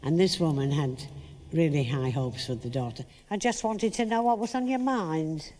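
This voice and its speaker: An older actress in an interview, telling lively stories and acting out the quotes. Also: female voice, low-pitched, moderate pace, long reverb tail. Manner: lively storytelling, acts out quotes. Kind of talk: reminiscing interview.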